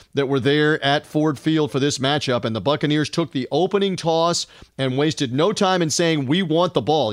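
An upbeat man with a fairly high voice hosts a sports podcast, talking in long run-on stretches full of fillers. The sound is dry and close, with no room echo. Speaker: podcast host.

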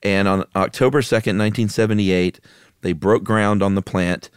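A man's voice: lowish voice, normal speed, smooth, no echo, clean studio sound. A man co-hosting a podcast, chatting casually and laying out facts with uh fillers. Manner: relaxed, laughs often, lists facts with uh fillers. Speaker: podcast co-host. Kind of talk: casual chat.

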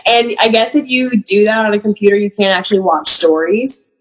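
Chatty woman laughing thru her stories, lots of likes, normal pitch. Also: a little fast, slight background noise, low-quality recording. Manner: laughing, animated storyteller. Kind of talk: casual chat.

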